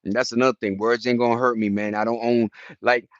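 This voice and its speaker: A man's voice: mid-range voice, level tone, quick pace, no echo, lo-fi sound. A man in his forties from New York with a New York accent, chatting casually on a livestream in streetwise slang and greeting viewers by name. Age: 40s. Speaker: livestream host.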